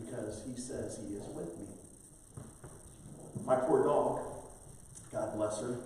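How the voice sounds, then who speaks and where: Middle-aged pastor in a roomy church. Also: male voice, mid-range voice, warm tone, a little hiss or hum. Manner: conversational storytelling with the congregation. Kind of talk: sermon. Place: church sanctuary. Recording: roomy church hall, from far off.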